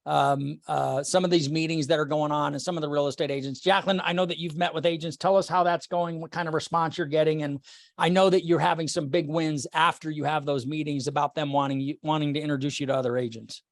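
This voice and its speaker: A man's voice: on the high side, steady tone, fast talker, vocal fry, no echo. A man leading a sales team meeting over a video call, blunt and swearing casually.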